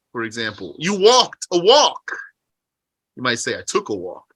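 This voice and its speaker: Bright, dry-voiced man teaching a lesson. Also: medium pitch, huge pitch swings, slightly rough, no echo. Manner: reads Arabic passages rapidly, then explains slowly in English with rhetorical questions. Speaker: teacher explaining a Qur'an commentary. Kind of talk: explanatory religious lesson, reading Arabic then translating.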